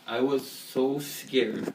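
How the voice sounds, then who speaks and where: A young man from Canada telling a story casually, animated and laughing, acting out the people in it. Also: medium pitch, extremely slow, far from the mic, slight background noise. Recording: echoey room, heard from off-mic.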